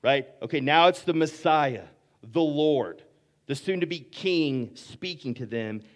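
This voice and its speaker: A man's voice: on the high side, expressive, takes it slowly. A man preaching a sermon, reading scripture and explaining it in an earnest way, often repeating words as he goes. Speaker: pastor.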